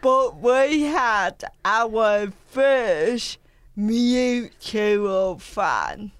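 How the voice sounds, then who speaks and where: Very slow-speaking woman podcast co-host. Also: medium pitch, lively intonation, clear, resonant tone, no room sound. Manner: slow, deliberate speech. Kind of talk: casual comedic chat.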